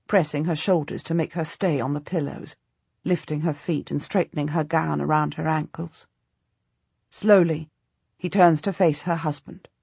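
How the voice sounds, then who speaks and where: A woman reads a historical novel in the first person, unhurried and measured. Her voice is low and breathy at the edges. The recording is close and dry, with no room around it. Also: darkish tone, no room sound. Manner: measured, dramatic reading. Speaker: audiobook narrator.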